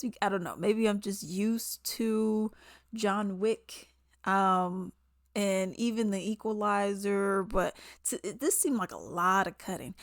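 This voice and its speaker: A woman giving a casual spoken movie review, animated and quick to mimic people in quotes, laughing often. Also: medium pitch, dry recording, studio quality.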